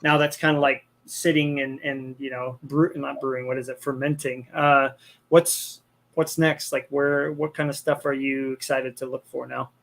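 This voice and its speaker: Chatty man repeating himself, mid pitch. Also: little pitch movement, moderate pace, vocal fry, fairly bright tone. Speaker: podcast co-host. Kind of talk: casual chat.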